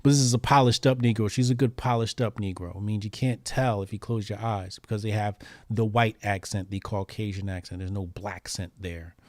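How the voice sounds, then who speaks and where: A man's voice: lowish voice, steady tone, fairly quick, hardly any pauses, a little mellow, dry recording. A man hosting a casual talk show, speaking in an emphatic, provocative, slangy way. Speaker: host. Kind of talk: casual commentary chat.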